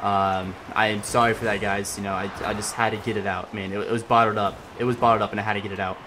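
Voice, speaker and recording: A young man giving casual gameplay commentary as he plays, excitable and swinging between loud yelling and mumbled asides. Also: fairly low pitch, fast talker, background noise. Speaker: gaming commentator.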